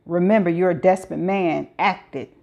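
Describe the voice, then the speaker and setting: A gruff, hard-bitten prison warden snaps out his words with harsh hostility, voiced by a woman reading aloud. His tone stays rough and commanding throughout. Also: lowish voice, normal speed, warm tone, muffled recording.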